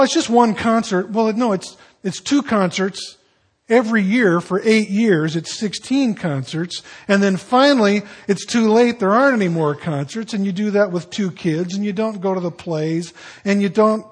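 An older man preaching a candid, confessional sermon, dropping at times into quiet, reflective tones. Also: high-pitched, husky. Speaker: pastor.

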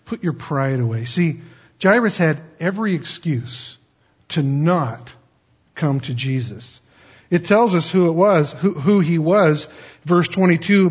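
A man's voice: fairly high pitch, animated, a little slow, husky. A man preaching a folksy Bible-teaching sermon, chatty and digressive with joking asides, on a dull lo-fi recording.

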